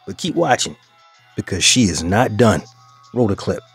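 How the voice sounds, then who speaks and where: Male reaction-channel host, lowish voice, sneering tone toward the clips he plays, faint music bed. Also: very animated, normal speed, breathy edge. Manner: mocking, addresses listeners as "fellas". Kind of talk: reaction commentary.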